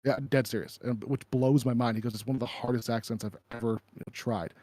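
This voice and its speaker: A man's voice: medium pitch, fairly even intonation, fast, darkish tone, no echo. A man hosting a casual crypto chat from home, loose and joking, swearing now and then. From Minnesota. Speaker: crypto stream host. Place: home, rural.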